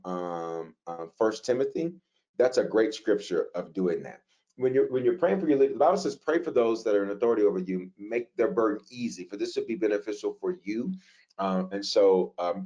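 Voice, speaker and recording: A pastor reads listener questions aloud and answers them in a conversational, animated preaching style. His voice sits fairly low.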